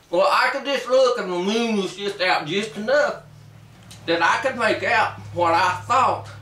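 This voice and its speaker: A man's voice: high-pitched, pushed and bright, recorded from a distance, heavily acted. A man playing a boastful, simple-minded backwoods ex-soldier who rambles through a comic story in ungrammatical rural dialect, recorded in an echoey room away from the mic. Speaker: comic character. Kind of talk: comic character monologue. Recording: roomy echo, voice away from the mic.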